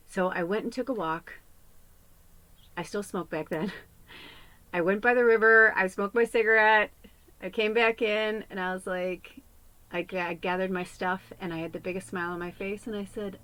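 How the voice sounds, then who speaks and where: A woman's voice: mid-range voice, steady tone, normal speed, pushed and bright, poor audio. A woman psychic medium telling a personal story in a casual, rambling way, swearing freely.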